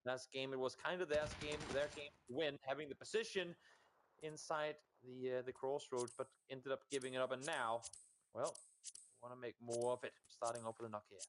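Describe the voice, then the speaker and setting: A man doing live esports play-by-play, lively and teasing toward his co-caster. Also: medium pitch, brisk, a little hiss or hum.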